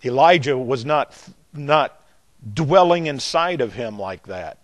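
With a mid-pitched, expressive voice, an older Southern preacher works through his sermon by stressing and repeating key words. He stretches his phrases emphatically, swelling in volume whenever he hits a word that matters.

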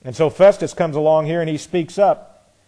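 A man's voice: on the high side, normal speed, warm tone. A man preaching a sermon, reading scripture aloud and explaining it in a conversational way. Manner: conversational, reads scripture then comments. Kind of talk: expository sermon.

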